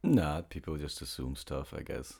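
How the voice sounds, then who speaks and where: Male co-host, extremely deep and gravelly, dry teasing humor. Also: big pitch swings, moderate pace, mellow. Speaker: podcast co-host. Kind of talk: casual comedy podcast chat.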